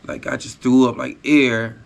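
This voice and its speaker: A man's voice: medium pitch, flat delivery, measured pace, creaky. A man hosting a podcast, telling a personal story in a raw, profane, casual street style. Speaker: podcast host.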